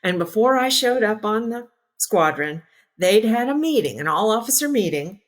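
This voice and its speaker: A woman's voice: mid-range voice, normal speed. A woman in her sixties, a former military pilot, telling stories from her career in a casual interview, acting out what people said and laughing easily. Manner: lively, acts out quoted voices, laughs easily. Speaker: former naval aviator, interview guest. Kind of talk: casual anecdotal storytelling.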